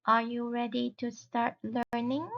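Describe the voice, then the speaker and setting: A woman teaching a beginner language lesson, speaking slowly and clearly and repeating each word three times. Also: a little high, monotone, muffled recording.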